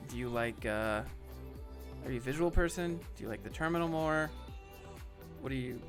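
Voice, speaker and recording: A man's voice: mid-range voice, moderate pace, faint music behind. A man hosting a live stream, chatting casually with viewers and joking around. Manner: casual, joking, talks to chat by name. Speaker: host.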